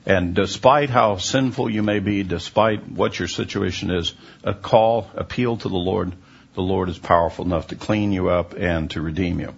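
A man answering listeners' Bible questions in an unhurried, explanatory way, often pausing with "uh" as he teaches. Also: deep voice, gravelly, slightly rough. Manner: unhurried, explanatory, frequent "uh" hesitations. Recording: dull lo-fi recording.

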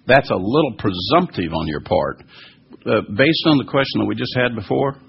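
A man's voice: mid-range voice, expressive, normal speed, vocal fry, breathy edge. A man teaching scripture and answering listeners' questions, earnest and emphatic, with many fillers and restarts. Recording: dull lo-fi recording.

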